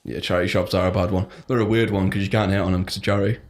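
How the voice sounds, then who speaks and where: A young man, co-hosting a podcast in casual chat, joking and quick in the back-and-forth. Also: deep voice, steady tone. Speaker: podcast co-host.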